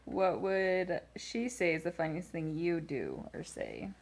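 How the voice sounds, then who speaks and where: A woman's voice: lowish voice, wildly swooping pitch, unhurried. A woman interviewing a groom-to-be, asking short, playful questions in a casual tone.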